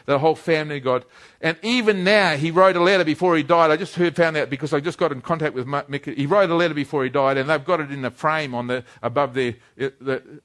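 A man's voice: a little high, fairly bright tone. Earnest male preacher telling a story. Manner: earnest, building to fervent exhortation. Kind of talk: sermon storytelling.

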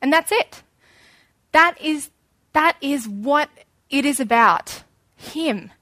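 A young woman gives an informal sermon, chatty and animated, acting out little scenes as she goes. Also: sits high, takes it slowly, no room sound.

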